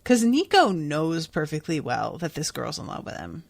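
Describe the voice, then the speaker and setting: A woman's voice: low-pitched, sing-song, normal speed, gravelly, dry recording. A woman hosting a podcast, recapping an episode in a chatty, blunt way and swearing freely. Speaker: podcast host.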